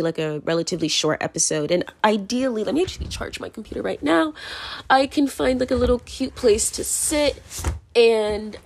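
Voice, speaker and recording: A young adult woman hosting a casual podcast monologue, rambling and filler-heavy, laughing often while moving around indoors. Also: mid-range voice. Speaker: podcast host.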